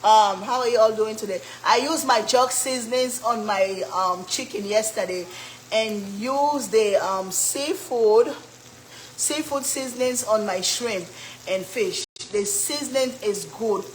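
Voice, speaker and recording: A woman's voice: fairly high pitch, a little slow, a little hiss or hum. A middle-aged woman from Africa, hosting a cooking channel and chatting with viewers by name as she cooks. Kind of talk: casual live cooking chat. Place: home kitchen. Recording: echoey kitchen with sizzling oil.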